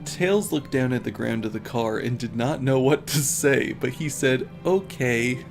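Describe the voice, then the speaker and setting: A man's voice: mid-range voice, moderate pace, vocal fry, soft background music. A man on a stream reading bad fan fiction aloud as comedy, often laughing and breaking off to mock the text.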